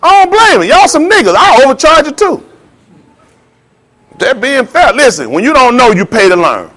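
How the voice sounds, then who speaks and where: A man delivering a heated, preachy monologue in slangy street talk, swinging between loud jabs and low asides. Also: big pitch swings, moderate pace. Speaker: vlogger. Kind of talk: ranting commentary monologue.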